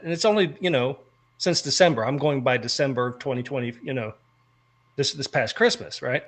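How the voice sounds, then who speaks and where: A man from the United States co-hosting a casual podcast chat, with a bright, forceful tone. He spins long stories full of ranting asides and keeps his pitch in an ordinary middle range. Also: a little fast. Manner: animated storyteller, ranting asides. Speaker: podcast co-host.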